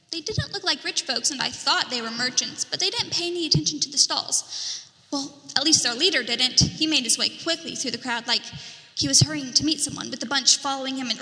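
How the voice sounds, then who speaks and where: Female merchant storyteller, animated and theatrical, bright tone, long church reverb. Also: high-pitched. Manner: animated, dramatic storytelling with whispered asides. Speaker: merchant character in a church drama. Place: church sanctuary.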